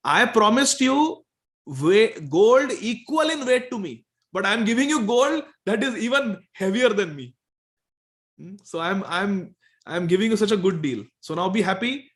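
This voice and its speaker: A man's voice: high voice, expressive, normal speed, a bit bright, voice pushed up. A man voicing a playful male deity who teases and coaxes in a devotional story. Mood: teasing. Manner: coaxing, teasing. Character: Lord Dwarkadish, a playful, bargaining male deity.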